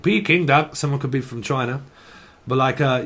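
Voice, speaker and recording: A man from the north of England gives a loose tarot reading, hopping from word to word in a rambling flow. He swears freely and laughs often. His voice sits at an ordinary middle pitch. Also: normal speed, a bit bright. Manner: rambling, sweary, free-associating on words. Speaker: tarot reader. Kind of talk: casual channelled tarot reading.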